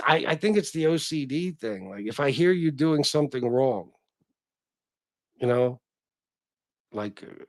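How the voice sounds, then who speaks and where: A man's voice: mid-range voice, no echo. A middle-aged man hosting a casual livestream, reading chat comments and talking in a blunt, profane, self-deprecating way.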